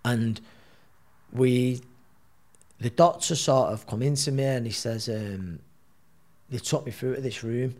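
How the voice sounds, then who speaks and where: A man, telling a story as a podcast guest in a rambling, animated way, full of fillers. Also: mid-range voice, takes it slowly, long pauses. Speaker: guest, boxer.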